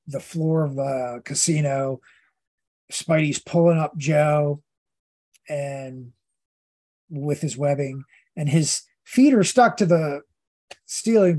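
Podcast host, unhurried and rambling, lots of ums, casual comic recap. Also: medium pitch, darkish tone. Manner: rambling, hesitant, many fillers.

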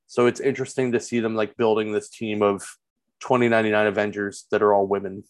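A man's voice: on the low side, little pitch movement, fast. A man co-hosting a podcast, chatting casually and hesitantly with fillers and repeated words. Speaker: podcast co-host. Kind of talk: casual chat.

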